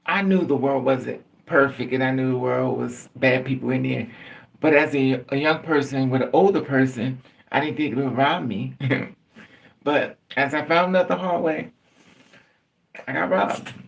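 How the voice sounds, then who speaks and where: Gravelly-voiced man telling stories off-mic. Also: medium pitch, a little slow, pauses often. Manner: rambling, chuckling, restarting phrases. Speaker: livestream host. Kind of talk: casual storytelling to a live audience. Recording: distant mic.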